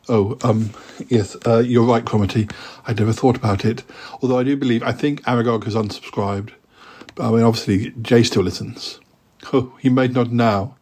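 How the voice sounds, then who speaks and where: A middle-aged podcast host and poet talks casually, hesitating often and filling gaps with fillers, and reads his own poems aloud. His medium-pitched voice is husky and darkish, with fairly even intonation and a moderate pace.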